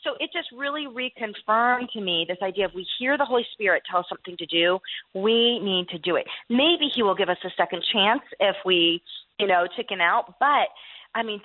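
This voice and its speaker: A woman's voice: medium pitch, no echo. A woman author telling faith stories earnestly in an interview. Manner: earnest storytelling with laughs. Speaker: guest author. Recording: tinny phone line.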